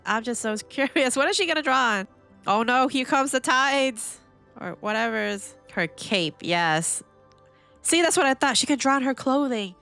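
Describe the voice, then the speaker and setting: Female reaction host, animated and curious, smooth clear tone, soft music in the background. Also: on the high side. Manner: animated, curious, thinks aloud to viewers. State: teary, emotional. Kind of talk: live reaction commentary.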